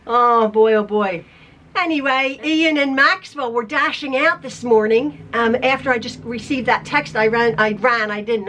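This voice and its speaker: An older woman casually vlogs to camera about quilting, first at home and later in her parked car. Chatty and emotional, she laughs frequently and is tired after an illness; her high voice sounds pushed and bright at a normal speed.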